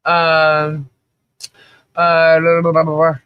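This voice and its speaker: A woman hosting a casual livestream, bubbly and greeting viewers one after another, with a low voice she says people mistake for a man's. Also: completely flat delivery, clear, resonant tone, no room sound, highs cut off. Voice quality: low voice often taken for a man's. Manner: bubbly, greets chat viewers rapidly by name. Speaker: livestream host. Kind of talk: casual live chat.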